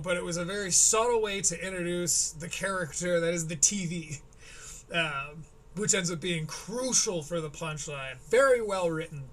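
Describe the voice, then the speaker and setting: A man's voice: a little high, a bit bright, slight background noise. A male streamer giving rambling, analytical commentary on a comedy special, often breaking off mid-sentence. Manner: rambling, analytical, self-interrupting. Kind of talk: casual commentary.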